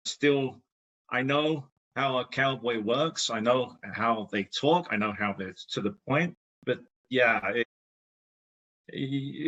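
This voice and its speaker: A man with a bright, forward voice talks through a podcast chat in a halting, self-deprecating way. He stops and restarts often. The sound is a little muffled and lo-fi. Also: medium pitch. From England. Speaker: guest.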